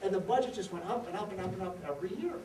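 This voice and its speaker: A man giving an after-dinner policy speech, an animated storyteller who throws rhetorical questions at the audience. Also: high-pitched, very fast, noisy background. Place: event hall at a reception. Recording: echoey hall from far off.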